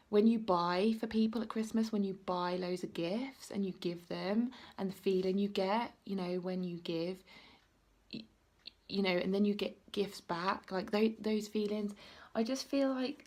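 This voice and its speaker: In a casual card-reading vlog, a woman with a medium-pitched, somewhat dark voice does an intuitive reading for her viewers. She rambles and chats, saying "like" and "you know" a lot, and encourages the viewer directly.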